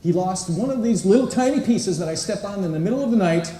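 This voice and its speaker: A man's voice: sits high, expressive, fast talker, mellow. A man giving an inspirational talk at a conference, engaging the audience with questions and acting out quotes. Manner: engaging, asks the crowd questions and acts out quotes. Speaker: conference speaker. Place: large conference hall. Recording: echoey hall, voice picked up from a distance.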